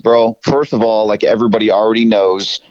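Male podcast co-host, low voice, excitable storyteller; dry, slightly muffled recording. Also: brisk, no room sound. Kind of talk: casual podcast chat.

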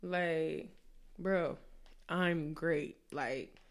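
A woman's voice: low voice, extremely slow. A woman co-hosting a casual chat, telling dating stories with lots of profanity and acting out the other people's lines. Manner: animated, profane, acts out quotes in a raised voice.

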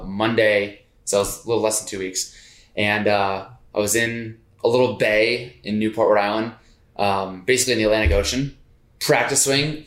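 A man on a podcast, telling a personal story in a casual, animated way and laughing as he goes. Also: fairly low pitch. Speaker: podcast co-host. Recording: roomy echo.

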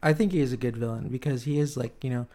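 A man's voice: medium pitch, quick pace, mellow. Hesitant man chatting about movies. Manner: hesitant, lots of fillers and agreeing. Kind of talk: casual movie chat.

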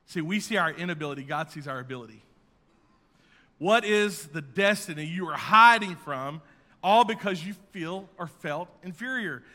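A man preaches in a high, bright, ringing voice, swelling into emphatic peaks and then dropping into soft asides. A long reverb trails each phrase, as in a church sanctuary. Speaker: pastor. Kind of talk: sermon.

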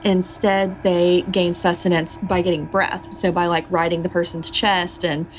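A woman's voice: fairly low pitch, unhurried, slight background noise. A woman hosting a podcast, telling a folktale and chatting, laughing often. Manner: laughs often, animated storytelling. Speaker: podcast host. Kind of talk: storytelling a folktale and casual chat.

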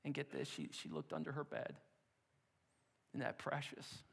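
A man preaching, telling a story dramatically with repeated words and hushed asides. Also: fairly high pitch, sing-song, normal speed, gravelly, husky. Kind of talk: sermon storytelling. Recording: long hall reverb.

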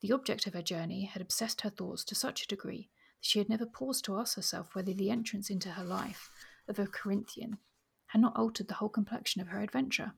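A woman's voice: medium pitch, gravelly, husky. A woman reading passages from a novel aloud with expression, sometimes dropping almost to a whisper, and talking about the book.

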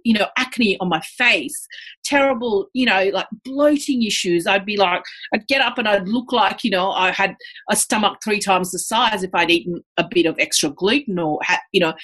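An Australian woman telling her story as a podcast guest in a casual, animated way, with lots of fillers. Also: medium pitch, breathy edge. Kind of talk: casual conversational interview.

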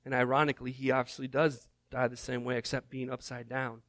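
A man giving a sermon as a guest preacher, telling the story in an animated, conversational way with casual asides. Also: medium pitch, fairly quick, dry recording.

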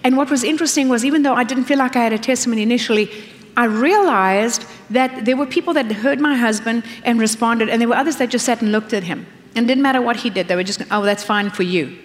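A middle-aged woman pastor preaching a sermon, animated and acting out the voices she quotes. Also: on the high side, quick pace, long reverb tail.

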